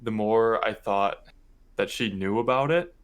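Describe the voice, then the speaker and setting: A man's voice: lowish voice, a little slow. A young man from Michigan, co-hosting a podcast, telling a family story in a rambling, casual way full of "like" and "um". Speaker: podcast co-host.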